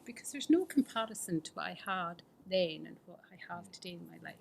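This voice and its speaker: A woman's voice: on the low side, lively intonation, fairly quick, gravelly, few pauses, husky. A middle-aged woman telling her own recovery story at a fellowship meeting, candid and self-mocking, often sinking into a whisper. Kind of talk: personal testimony talk.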